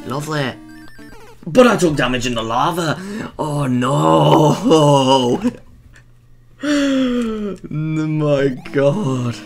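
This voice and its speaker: A man giving excitable let's play commentary, exclaiming and scolding the game as he plays. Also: on the high side, extremely slow, faint music behind. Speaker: gameplay video host.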